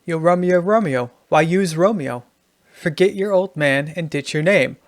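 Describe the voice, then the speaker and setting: Tough New York Juliet, gravelly and loud, a man doing the voice. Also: fairly high pitch, measured pace, no echo, studio quality. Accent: New York, put on. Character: Juliet as a streetwise New Yorker.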